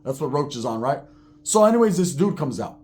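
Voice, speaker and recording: A man spinning a profane, animated street story, heavy on slang and asides. His voice sits fairly high for a man. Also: brisk.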